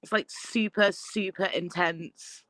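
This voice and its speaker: A woman from England with a London accent chatting casually, relaxed and quick to laugh. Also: fairly low pitch, no room sound, poor audio. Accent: London English. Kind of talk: casual chat.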